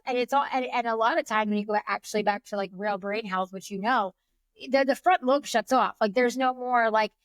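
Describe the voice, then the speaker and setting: A woman's voice: fairly high pitch, no echo. A woman in her thirties, a breathwork coach as a podcast guest, talking in a casual, chatty way full of "you know" and "like". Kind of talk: casual conversational interview.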